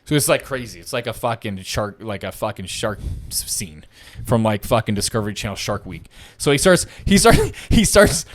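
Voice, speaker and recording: A man's voice: lowish voice, normal speed. A man casually telling a long story on a podcast, swearing a lot and repeating himself as he goes. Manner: profane, animated, repeats himself.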